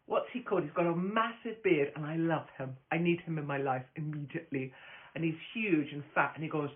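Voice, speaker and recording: A woman's voice: deep voice, brisk. A woman hosting a casual live stream from her phone, brash and profane, rambling from story to story and laughing often. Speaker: host of a live stream, stand-up comic. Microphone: phone camera. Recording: tinny phone-quality audio.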